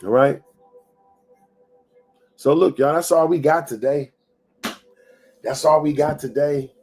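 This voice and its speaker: A man with a slightly high, darkish voice speaks slowly over soft background music. Hosting a live-streamed motivational talk, he preaches repetitively, saying his lines again and again straight to the viewers.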